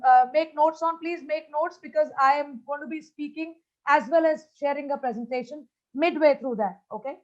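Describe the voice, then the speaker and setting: A high-voiced woman speaker from India delivers a lively keynote, chatty and direct with her listeners. The sound comes through a slightly dull video-call line. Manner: energetic, chatty, addresses audience directly. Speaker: motivational speaker.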